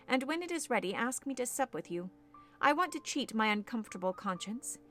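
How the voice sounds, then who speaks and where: Brief: fervent headstrong young woman, read by a woman narrator, higher-pitched, declaiming over faint music. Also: a bit bright. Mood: anxious. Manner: impassioned, declamatory. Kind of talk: audiobook character reading.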